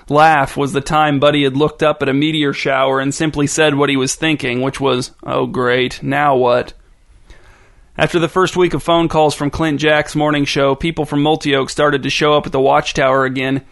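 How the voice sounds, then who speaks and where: A man's voice: fairly high pitch, fairly bright tone. Man narrating a story wryly.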